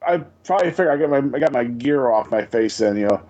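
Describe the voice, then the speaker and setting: A man's voice: mid-range voice, expressive, quick pace, hardly any pauses, dark tone, dull audio. A man chatting casually as a player at a tabletop game, offhand and joking.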